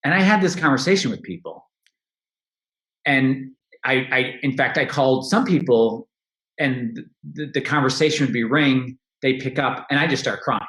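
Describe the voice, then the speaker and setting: A man's voice: mid-range voice, moderate pace, fairly bright tone. Candid man in an echoey room. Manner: candid, reflective, with frequent restarts and laughs. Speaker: podcast guest, money coach. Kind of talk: casual interview talk.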